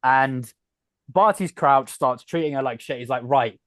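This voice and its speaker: A man patiently walks through a story recap in a casual podcast chat. His voice sits in a middle pitch and sounds dry and close, with no room around it. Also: unhurried, fairly bright tone, dry recording. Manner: explanatory, patient. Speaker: podcast co-host.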